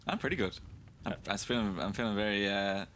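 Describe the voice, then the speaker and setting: A man's voice: fairly low pitch, a little fast, noisy background. A man co-hosting a casual comedic podcast, teasing and laughing often. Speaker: podcast co-host.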